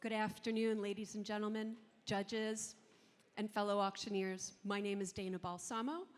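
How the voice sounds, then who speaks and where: A woman from New Jersey competing as an auctioneer, rattling off rapid rhythmic bid calls and pitching items to the room. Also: fairly even intonation. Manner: rapid rhythmic bid calling, rising loud. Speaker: auctioneer contestant. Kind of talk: auction chant and sales pitch. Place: large convention hall. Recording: long hall reverb.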